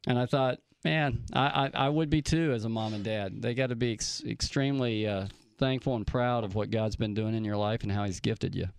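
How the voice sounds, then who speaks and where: A man's voice: fairly low pitch, fairly even intonation, fairly quick, vocal fry, few pauses, clear, resonant tone, no room sound. An older man, a pastor hosting an interview, talking effusively with many restarts and fillers. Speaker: pastor and show host. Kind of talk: warm conversational interview.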